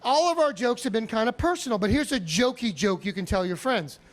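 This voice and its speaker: A comedian from Chicago telling animated stories on a comedy club stage, with sudden loud outbursts. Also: male voice, very high voice, a little fast. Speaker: stand-up comedian. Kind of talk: stand-up set.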